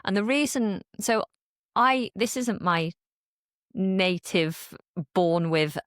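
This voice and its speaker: A young adult woman from Manchester with a modern RP accent, speaking as a podcast guest and accent coach in a thoughtful, measured way. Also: medium pitch, lively intonation, clear, resonant tone, no room sound, studio quality. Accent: modern RP English. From Manchester, England. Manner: thoughtful, measured, with small restarts. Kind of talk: podcast interview.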